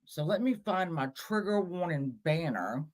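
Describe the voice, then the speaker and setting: A woman's voice: fairly low pitch, animated, a little slow, a little mellow. A woman hosting a casual livestream, chatting with her viewers in a scattered, chatty way, with cursing and self-mocking asides. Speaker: livestream host.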